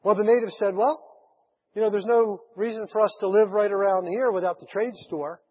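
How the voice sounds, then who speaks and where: A man preaches in a long-echoing hall, recorded on dull, lo-fi equipment. His voice sits high and a little husky as he tells a story with frequent chuckles. He slips into the voices of the people he quotes. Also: steady tone, normal speed. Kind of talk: sermon storytelling. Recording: echoey hall, dull lo-fi sound.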